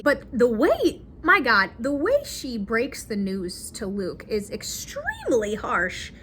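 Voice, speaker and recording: A woman talks through a movie plot in a slow, unhurried way, her voice sitting a little high. She retells the scenes with dramatic flair, and a faint hiss lies under the recording. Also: big pitch swings, fairly bright tone. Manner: chatty, dramatic retelling with acted quotes. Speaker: movie reviewer. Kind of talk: casual movie recap.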